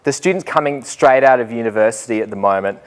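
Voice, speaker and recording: A man's voice: mid-range voice, quick pace, smooth. A young Australian man, a student teacher, tells stories to a group in a chatty, self-mocking way and laughs often as he talks. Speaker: student teacher giving a talk. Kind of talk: storytelling talk to a live group.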